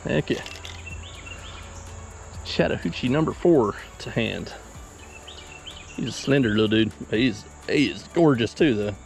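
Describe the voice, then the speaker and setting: This fishing host's mid-range voice carries lively intonation and vocal fry, a little slow, with long pauses. He chats easygoing while casting and wading in a mountain creek for his vlog. Faint music sits behind the outdoor recording, along with insect noise.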